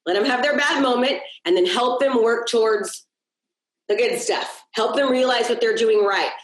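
A woman's voice: on the high side, moderate pace, reverberant, rough recording. A woman coaching a group on a video call, upbeat and encouraging, repeating key points and checking in with "okay?". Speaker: business coach.

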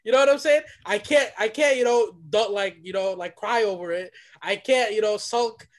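A young man, a podcast guest, telling a story in a lively, dramatic way and dropping to a hush for effect. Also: high voice, normal speed. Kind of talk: animated storytelling.

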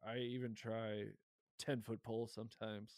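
A man with a Michigan accent, co-hosting a podcast in loose, excitable, profanity-heavy chat. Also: fairly low pitch, moderate pace, clean tone, dry recording. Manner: excitable, swears a lot, laughs often. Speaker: podcast co-host.

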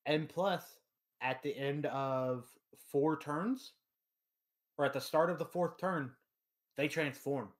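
Co-hosting a casual podcast over a remote call on a computer mic, this man reads out game stats with enthusiasm and playful asides. His voice sits fairly high and he takes things slowly.

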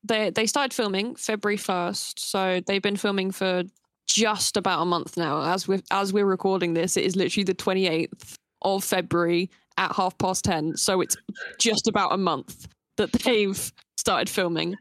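A woman's voice: medium pitch, steady tone, normal speed, no room sound. A young woman co-hosting a casual chat podcast, chatty and enthusiastic, often restarting her sentences. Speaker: podcast co-host.

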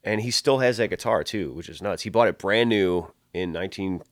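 A man with a low voice, recorded close and dry, telling long loose stories about building guitar pedals. He swears freely and slips into acting out what people said to him. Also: a little fast, no echo. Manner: rambling storyteller, heavy swearing, acts out quoted dialogue. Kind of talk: casual podcast chat.

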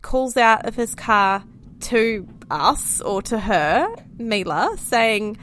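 A woman's voice: a little high, animated, slow pace, a bit bright, a little hiss or hum. A woman with a New Zealand accent, co-hosting a parenting podcast and telling a story in casual chat full of fillers. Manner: chatty storytelling with frequent fillers and laughs. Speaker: podcast co-host, mother.

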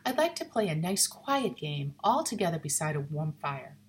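A woman voicing a gentle, anxious lady guest in a spoken ghost story, talking softly and confidingly. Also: low-pitched, very animated, moderate pace, a little hiss or hum. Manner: soft, worried, confiding.

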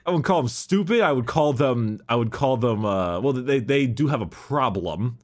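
A man co-hosting a casual book-discussion podcast, talking haltingly with many restarts and fillers. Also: medium pitch, lively intonation. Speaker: podcast co-host.

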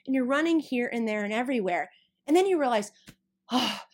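Woman in her 30s doing a solo business podcast, kinda high voice, acts stuff out as she goes. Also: a little fast. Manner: animated, acts out little scenes in quoted voices. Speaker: business coach and podcast host.

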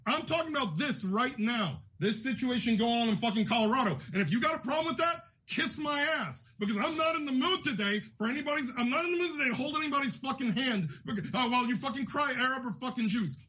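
Male podcast host, very high bright voice, angry profane rant, lo-fi sound. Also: lively intonation, fast talker, hardly any pauses. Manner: furious, profane, shouting. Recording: dull lo-fi audio.

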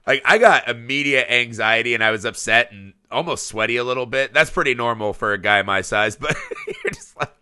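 A man in his thirties co-hosting a casual movie podcast, animated and profane, acting out quotes with big jumps in his voice. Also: medium pitch, brisk, hardly any pauses, clear, resonant tone, dry recording, studio quality. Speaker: podcast co-host.

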